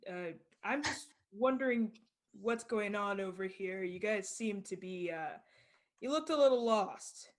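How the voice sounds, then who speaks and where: A woman's voice: medium pitch, animated, a little slow, lightly acted. A woman voicing a friendly but nosy male human guard who hesitates and trails off. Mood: awkward.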